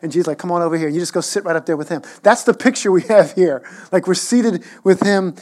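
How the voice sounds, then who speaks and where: A man in his thirties preaching a sermon as a pastor, conversational and animated, with playful asides. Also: high-pitched, fairly quick.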